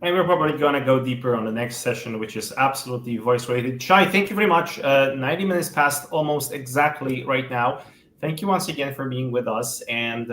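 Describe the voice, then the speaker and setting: A man's voice: mid-range voice, fairly bright tone, reverberant, slight background noise. A man hosting an online class, asking the guest questions and wrapping up the session. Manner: friendly, thanking and wrapping up. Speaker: webinar host.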